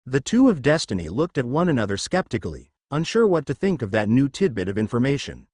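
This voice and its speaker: A man's voice: mid-range voice, big pitch swings, fairly quick, darkish tone, slightly rough, no echo, studio quality. A man narrating a fan fiction story aloud. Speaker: story reader.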